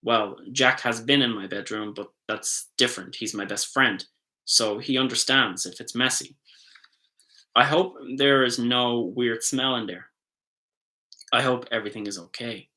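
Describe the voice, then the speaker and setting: Author reading his novel live, bright tone, casual, self-correcting slips. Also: medium pitch, a little slow, low-quality recording.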